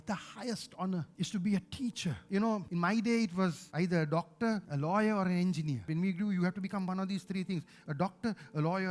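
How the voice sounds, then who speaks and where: A man with a Sri Lankan accent preaching a sermon as pastor, passionate, swinging between loud emphasis and hushed asides. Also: high voice.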